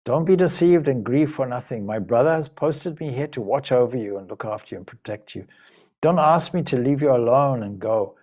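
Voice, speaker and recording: A man doing a gentle, steadfast young prince. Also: medium pitch, animated, brisk, lightly acted. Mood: gentle, firm. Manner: gently reassuring yet firm.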